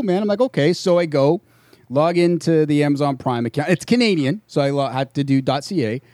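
Higher-voiced man ranting animatedly. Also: a little fast, no room sound, clean studio sound. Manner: animated, swearing, acts out quoted voices. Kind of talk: casual chat, ranting story.

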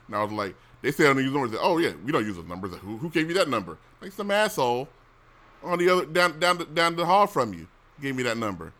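A middle-aged man talks in a loose, rambling way, griping bluntly with plenty of swearing and false starts. His voice is bright and forceful, at a middling pitch. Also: very animated, fast talker. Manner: blunt, complaining, profane, with restarts. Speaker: show host. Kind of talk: casual rambling chat.

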